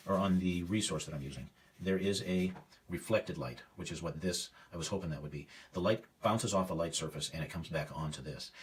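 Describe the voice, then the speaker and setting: A man's voice: low voice, recorded from a distance, a little hiss or hum. A man teaching a painting demonstration, thinking aloud as he works, casual and self-critical with hesitant fillers. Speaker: art teacher.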